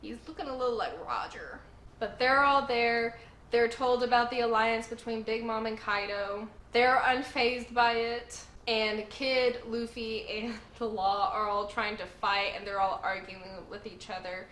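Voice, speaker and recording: A woman's voice: on the high side, a little slow. A woman hosting her own channel, recapping a story with gushing, emphatic enthusiasm and repeated exclamations. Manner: gushing, animated, emphatic repetition. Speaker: host. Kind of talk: excited casual recap. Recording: echoey room with faint noise.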